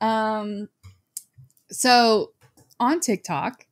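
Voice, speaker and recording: A woman co-hosting a podcast, chatting casually in a calm, matter-of-fact way. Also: on the high side, extremely slow. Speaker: podcast co-host. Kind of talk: casual chat.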